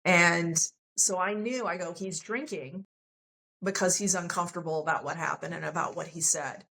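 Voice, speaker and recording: A woman's voice: lowish voice, steady tone, a little fast, vocal fry, sharp tone, rough recording. A woman guest on a podcast, telling a personal story candidly and emotionally, acting out the lines of the people in it. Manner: earnest, emotional, acts out quoted dialogue.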